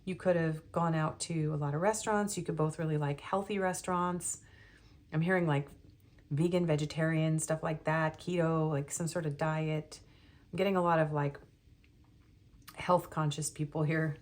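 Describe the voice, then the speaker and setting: A woman's voice: low-pitched, fairly even intonation, normal speed. Nervous woman rambling through a tarot reading. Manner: rambling, hesitant, with many ums and soft laughs. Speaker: tarot reader. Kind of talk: casual tarot reading monologue.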